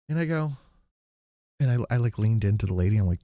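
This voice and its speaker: A man's voice: fairly low pitch, a little fast, pauses often, no echo, clean studio sound. A man hosting a podcast, telling stories in casual, profane chat, laughing often. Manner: animated storyteller, laughs often, reads chat aloud. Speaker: podcast host.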